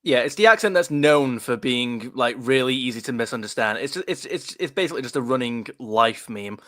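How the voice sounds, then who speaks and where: A man's voice: mid-range voice, expressive, fairly quick, fairly bright tone, no room sound, studio quality. A man chatting casually as a podcast guest. He agrees readily and repeats words as he goes.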